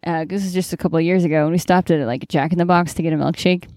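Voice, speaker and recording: A woman who is a religious sister co-hosting a podcast, chatting casually and telling animated stories that leap into quoted voices. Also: fairly low pitch, rapid-fire, no echo, studio quality. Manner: animated storyteller, big jumps into quoted voices. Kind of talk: casual chat and prayer.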